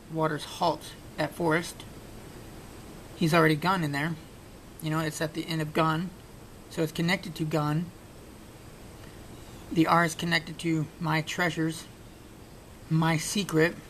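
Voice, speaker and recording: Level in tone and a bit bright, this puzzle video creator takes it slowly, leaving long pauses while he thinks aloud through a puzzle. His casual on-screen analysis has many fillers and restarts, and the poor audio includes a faint background rumble.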